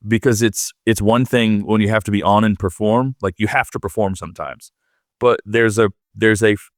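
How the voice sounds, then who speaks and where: Low-voiced thoughtful male co-host. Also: fairly even intonation, normal speed, no echo, studio quality. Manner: thoughtful, loose and conversational, many fillers. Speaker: podcast co-host. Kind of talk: leadership podcast conversation.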